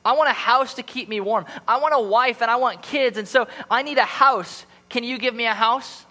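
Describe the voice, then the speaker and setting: A man's voice: very high voice, moderate pace, bright, forceful tone, long reverb tail, voice pushed up. A man reading the part of a needy boy from a storybook who keeps asking for things. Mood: demanding.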